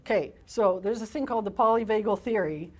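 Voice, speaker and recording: A woman giving a live parenting workshop to an audience, talking in an energetic, animated way and laughing often. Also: mid-range voice, fairly quick.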